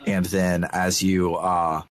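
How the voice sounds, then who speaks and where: A man co-hosting a casual podcast, retelling a video game with frequent "uh" restarts and bursts of excitement. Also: deep voice. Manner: halting, frequent uh restarts, excitable when recounting scenes. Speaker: podcast co-host.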